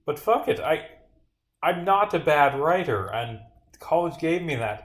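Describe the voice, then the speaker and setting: A man's voice: fairly high pitch, animated, measured pace. Sarcastic young man streaming, echoey room. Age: young adult. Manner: rambling, sarcastic, profane. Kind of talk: casual livestream commentary while gaming.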